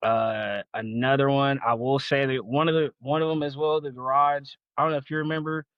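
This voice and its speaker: A young man guesting on a podcast, recalling old nights out in relaxed casual chat and laughing through his stories. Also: mid-range voice, fairly quick, dry recording, lo-fi sound.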